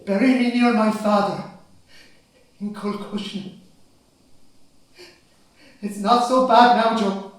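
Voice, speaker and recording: An older man plays a gentle, remorseful, dying father in an amateur stage drama. He speaks softly and haltingly, with a wistful tone. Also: high-pitched, fairly even intonation. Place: stage in a large hall. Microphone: far camera microphone. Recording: echoey hall from far off.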